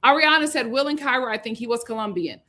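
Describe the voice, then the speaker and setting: Woman host, opinionated live commentary, slightly high voice, emphatic delivery. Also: animated, fast talker, sharp tone. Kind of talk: live show recap and commentary.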